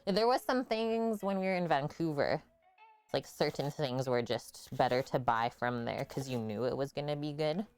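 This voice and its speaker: A woman's voice: sits low, moderate pace, darkish tone, clean tone. A woman hosting a live cooking stream in a home kitchen, chatting casually and explaining each step as she cooks.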